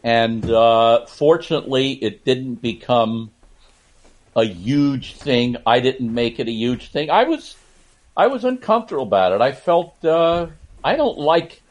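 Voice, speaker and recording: A man's voice: medium pitch, expressive, a little slow. An older man, a sportswriter guest on a podcast, telling stories in a casual interview and laughing as he goes.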